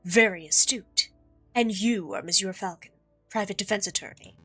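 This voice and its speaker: A woman's voice: medium pitch, moderate pace, sharp tone, slightly rough, faint music behind. A woman voicing a sly male fox con artist. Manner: theatrical, silky and evasive. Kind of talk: reading game dialogue aloud.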